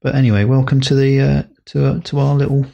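Gravelly, rambling man. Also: mid-range voice, level tone, fast, warm tone, dull audio. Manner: rambling, hesitant, many fillers. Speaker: podcast co-host. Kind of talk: casual chat.

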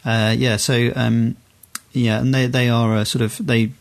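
Gravelly man, rambling chat. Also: mid-range voice, flat delivery, unhurried. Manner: rambling, lots of restarts and fillers. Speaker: podcast co-host. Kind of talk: casual chat.

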